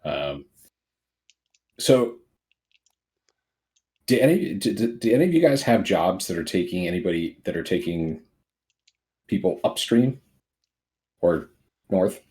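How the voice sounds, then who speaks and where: Lively low-voiced male player. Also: unhurried, pauses often. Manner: inquisitive, friendly. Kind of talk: in-character tabletop play.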